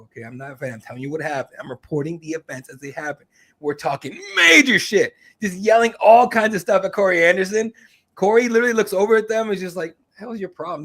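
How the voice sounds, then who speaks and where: A man with a somewhat high voice chats casually on a podcast. He rambles, restarts and drops fillers and the odd swear word as he tells stories about covering fights. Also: fairly bright tone. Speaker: MMA reporter, guest.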